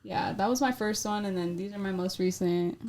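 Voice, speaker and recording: A woman appearing as a tattoo artist guest on a casual podcast. Her voice sits at an ordinary mid pitch. She talks in a loose, chatty way, leaning on "like" and "you know" as she explains things. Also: a little fast, a crowd in the background. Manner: chatty, filler-heavy with frequent "like" and "you know".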